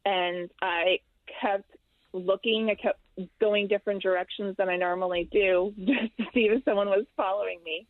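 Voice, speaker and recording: A woman in her thirties, a guest in an interview, telling a personal story candidly and haltingly with frequent ums and restarts. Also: mid-range voice, fairly even intonation, dry recording. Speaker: interview guest, military widow. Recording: dry, tinny phone-like line.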